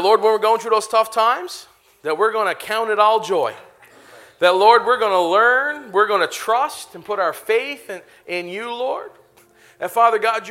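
A man's voice: sits high, sharp tone. A man preaching as pastor in a church auditorium, laughing often and calling out to the congregation. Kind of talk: sermon and altar call.

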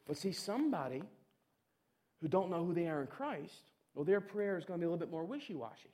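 Brief: middle-aged male preacher, high voice, animated sermon delivery. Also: brisk. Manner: animated, acts out prayers in a mocking whiny voice.

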